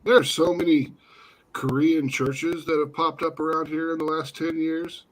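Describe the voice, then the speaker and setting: Easygoing man with a higher voice. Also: level tone, moderate pace, a little hiss or hum, rough recording. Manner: easygoing anecdote teller, laughs often. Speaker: guest. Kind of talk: casual chat.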